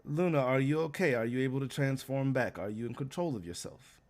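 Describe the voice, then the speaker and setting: A man voicing a composed female mage who speaks in a calm, measured, formal way, in a tabletop game. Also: medium pitch, lightly acted. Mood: concerned.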